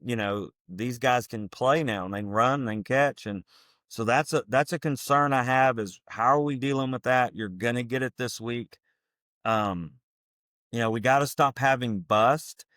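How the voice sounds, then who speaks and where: A man's voice: mid-range voice, normal speed, a bit bright, dry recording, studio quality. A man, a former football coach co-hosting a podcast, breaking down defense in an earnest, emphatic, coach-like way. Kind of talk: casual football analysis chat.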